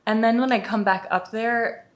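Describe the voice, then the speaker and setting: A woman's voice: a little high, steady tone, a little slow. A young woman from the United States chatting through an exasperated storytime vlog, with lots of "like". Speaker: vlogger. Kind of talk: casual storytime.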